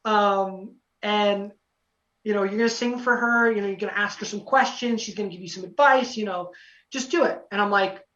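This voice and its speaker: A young man telling a casual story as a podcast guest, lively, acting out quotes, with lots of "you know" fillers. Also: sits high, normal speed. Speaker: podcast guest, former singing contestant. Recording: roomy, distant, dull lo-fi sound.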